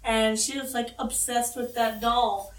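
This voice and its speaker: A woman's voice: fairly high pitch, flat delivery, unhurried, recorded from a distance, slight background noise. A woman co-hosting a casual talk show, blunt, teasing and profane. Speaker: podcast co-host. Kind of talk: casual chat. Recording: roomy sound from off mic.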